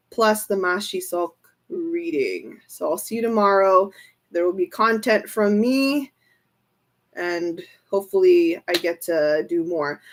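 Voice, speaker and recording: A woman tarot reader and streamer chatting casually to her live viewers. She talks in a chatty way, with fillers and repeated phrases. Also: medium pitch.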